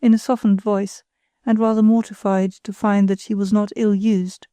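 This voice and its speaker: A woman reading a classic novel aloud as an audiobook narrator, in a measured, even storytelling manner. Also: medium pitch, no echo. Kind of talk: scripted narration.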